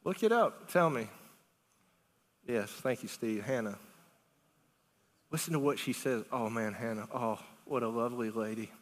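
A middle-aged male pastor preaching a lively, conversational sermon, asking the congregation questions and laughing often. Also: mid-range voice, normal speed, long pauses. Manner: animated, conversational preaching with big swings in loudness. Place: church sanctuary. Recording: long reverb of a church hall.

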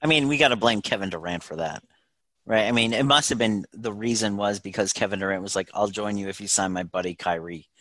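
Low-voiced man in dry sports chat. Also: a little fast, bright, forceful tone, no room sound. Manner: laid-back, lots of "like" fillers. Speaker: podcast co-host.

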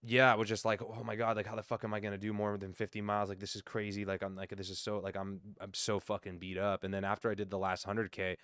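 A man in his thirties talks loosely and profanely, trading stories as a podcast guest. His voice sits low and comes across smooth and resonant. The sound is dry and close on a studio mic. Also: monotone, fast, few pauses, a bit bright, no room sound. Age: 30s. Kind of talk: casual chat.

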